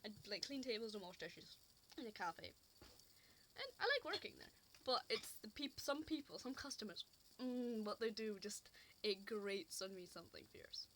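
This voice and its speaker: A woman's voice: medium pitch, animated, normal speed, a bit bright, slight background noise. A woman vlogger talking unscripted to camera, rambling and complaining in an exasperated way. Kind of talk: casual unscripted rant.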